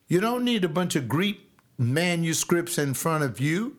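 A man's voice: on the high side, very animated, a little slow. An older man teaching scripture in an informal, emphatic preaching style, scolding his listeners and mimicking the people he criticizes. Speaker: lay preacher.

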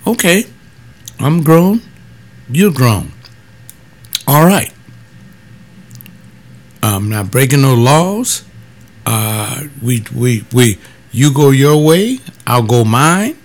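A man who is a former pastor, telling stories in a blunt, emphatic casual monologue and jumping up in pitch when he quotes other people. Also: big pitch swings, very slow, pauses often.

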